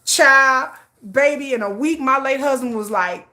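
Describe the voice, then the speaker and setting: A middle-aged woman hosting a livestream, telling a story in blunt, laughing, animated casual chat. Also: high voice, measured pace. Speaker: livestream host.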